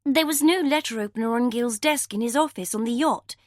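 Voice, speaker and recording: A woman's voice: on the high side, brisk, dry recording, voice pushed up, natural voice. Woman reading young woman sleuth, audiobook, eager, earnest, dry close voice. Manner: eager, reasoning aloud.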